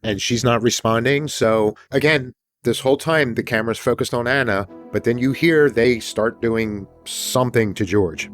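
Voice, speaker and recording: A man hosting a podcast, retelling a film in a casual, animated way, swearing freely and acting out the characters' lines. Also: medium pitch, normal speed, soft background music. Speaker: podcast host.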